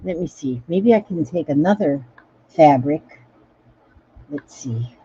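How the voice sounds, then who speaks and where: A woman's voice: deep voice, expressive, slow pace, dark tone, breathy edge, muffled recording. A woman chatting casually through a crafting livestream, repeating little phrases to herself as she works. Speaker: craft vlogger reading live comments.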